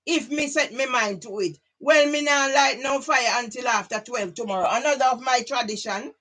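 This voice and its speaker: A woman's voice: on the high side, normal speed, a bit bright. A middle-aged woman from Jamaica with a Jamaican accent, delivering a rambling personal monologue and sliding between English and patois. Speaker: vlogger.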